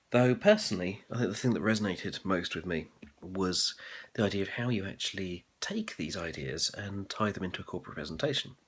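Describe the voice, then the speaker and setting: A man's voice: sits low, fairly bright tone, husky. A man talking casually and thoughtfully about what he learned on his course, with frequent ums and uhs. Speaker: MBA student vlogger. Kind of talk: casual reflective monologue.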